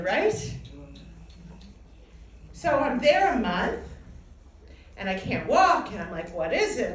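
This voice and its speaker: High-voiced woman telling her story in echoey hall. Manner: animated storytelling with acted-out quotes. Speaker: speaker giving a talk. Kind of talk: personal testimony talk. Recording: echoey hall, distant mic, faint noise.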